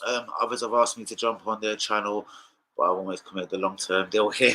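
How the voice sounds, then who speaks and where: This football fan channel host is a young man whose voice is on the low side, steady yet bright and forceful, and fairly quick. He runs a laid-back live-stream chat, rambling through slang-heavy, sweary stories over a rough recording.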